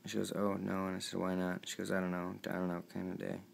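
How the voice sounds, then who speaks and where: A young man with a deep, heavily gravelly voice reads his text messages aloud. He sounds earnest and pleading, and keeps his voice quiet and downcast. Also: completely flat delivery, fast, a little hiss or hum. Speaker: vlogger.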